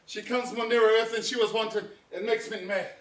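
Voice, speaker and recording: An actor playing a jealous, tormented husband in amateur stage acting, brooding murmurs breaking into shouts. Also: male voice, high-pitched, steady tone, brisk. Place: outdoor stage, roomy. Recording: roomy echo from far off.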